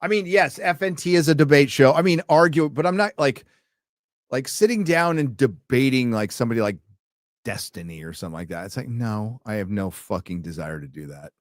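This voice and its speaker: A man's voice: mid-range voice, lively intonation, a little fast, no echo, clean studio sound. A man hosting a casual late-night livestream, reading out viewer donations and rambling with wry, profane asides.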